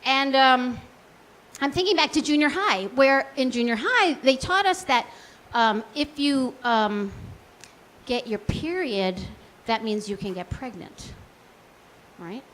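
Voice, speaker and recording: Chatty high-voiced woman doing stand-up. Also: lively intonation, slow, fairly bright tone, slight background noise. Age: 40s. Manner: chatty and self-deprecating, many likes and ums. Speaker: stand-up comedian. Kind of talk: stand-up comedy set. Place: small comedy club stage.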